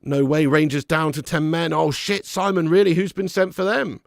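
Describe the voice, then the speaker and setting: A man's voice: fairly high pitch, fairly even intonation, normal speed, gravelly, no room sound, clean studio sound. A man hosting a live football watch-along, chatting and bantering with viewers. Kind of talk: live casual match commentary and chat.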